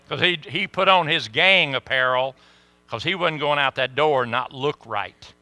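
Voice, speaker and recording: Preacher, middle-aged man, bright and sharp tone, dry close sound, folksy storyteller. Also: mid-range voice, moderate pace, no room sound. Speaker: pastor. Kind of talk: sermon storytelling.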